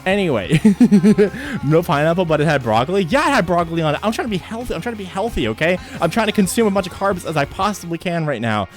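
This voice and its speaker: A young man chatting with his livestream chat, excitable, swearing freely and repeating himself at home. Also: high-pitched, fast, faint music behind. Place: home streaming setup.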